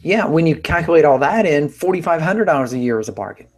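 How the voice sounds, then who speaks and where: Relaxed, agreeable male co-host. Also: fairly high pitch, fast, a crowd in the background. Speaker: podcast co-host. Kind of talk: casual panel chat.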